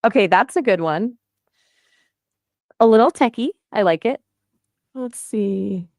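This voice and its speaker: A synthetic-sounding woman's voice as an AI conversation partner, upbeat and playful, with lively jumps in pitch. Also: a little slow, creaky, no echo, studio quality. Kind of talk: chatty voice assistant conversation.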